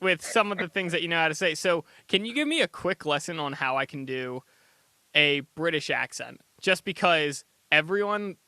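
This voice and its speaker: A man hosting a podcast, asking questions in an animated, playful way. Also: fairly high pitch, moderate pace, clear, resonant tone, no echo, poor audio. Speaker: podcast host. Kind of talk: casual interview chat.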